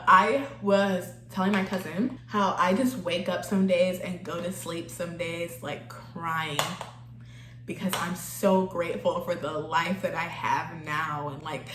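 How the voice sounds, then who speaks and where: A woman's voice: on the low side, a bit bright, slight background noise. A young woman chatting casually while getting ready, laughing often and getting emotional, close to tears. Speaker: vlogger. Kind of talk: casual get-ready-with-me chat. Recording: echoey room.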